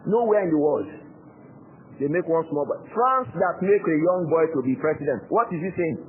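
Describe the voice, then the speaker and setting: A man with a Nigerian Yoruba accent delivers a classroom lecture on a religious text, his voice notably high. He keeps prodding the listeners with rhetorical questions and repeated prompts. The sound is thin and tinny like a phone line, with a faint hiss underneath. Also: expressive, normal speed. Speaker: Islamic teacher explaining a book.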